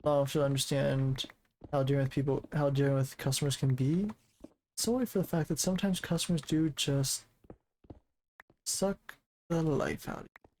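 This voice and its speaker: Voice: medium pitch, steady tone, normal speed, pauses often, warm tone, slight background noise, poor audio. A streamer casually chatting and rambling while building in a game, often counting blocks aloud.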